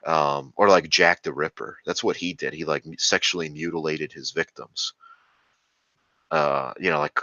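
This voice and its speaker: Very deep-voiced man, profane rant. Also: fairly even intonation, moderate pace, sharp tone, no echo, lo-fi sound. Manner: profane, ranting, with frequent fillers. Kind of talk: rambling casual commentary.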